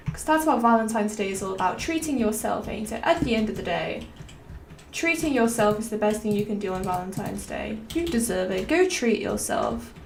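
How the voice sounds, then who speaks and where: A higher-voiced woman streamer rambles and muses aloud, drifting from one thought to the next as she plays. Her voice sits a little away from the mic in a roomy space, with faint noise and keyboard typing underneath. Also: distant mic. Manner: rambling, musing aloud, drifting between topics. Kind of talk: rambling gameplay stream chat.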